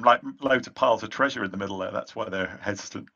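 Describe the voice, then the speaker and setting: A man playing a tabletop game, planning tactics out loud. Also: on the low side, fast talker, creaky, breathy edge. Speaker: player. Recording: dull lo-fi sound.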